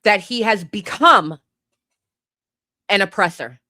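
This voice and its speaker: A woman's voice: medium pitch, animated, takes it slowly, pushed and bright, no room sound, clean studio sound. A woman hosting a podcast, ranting about politics in a heated, profane way and sometimes laughing at herself. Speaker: podcast host.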